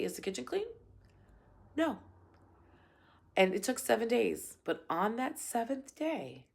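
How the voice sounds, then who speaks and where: A woman's voice: on the low side, vocal fry, breathy edge. A middle-aged woman, a parenting coach, talking casually and earnestly to camera, often checking in with "right?". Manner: earnest and plainspoken, with many "right?" check-ins. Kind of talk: casual advice talk to camera.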